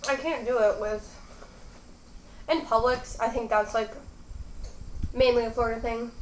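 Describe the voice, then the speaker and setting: A young woman with a fairly high voice rambles casually through a mukbang, chatting between bites. She is recorded in an echoey room at home. Faint crickets sound in the background. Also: fairly bright tone, slight background noise. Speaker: mukbang host. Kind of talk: casual chat while eating.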